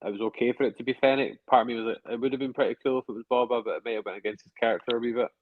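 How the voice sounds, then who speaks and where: A man's voice: medium pitch, steady tone, racing, a little hiss or hum. A man co-hosting a casual review podcast, chatty and hedging as he thinks aloud. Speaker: podcast co-host. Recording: dull lo-fi dry sound.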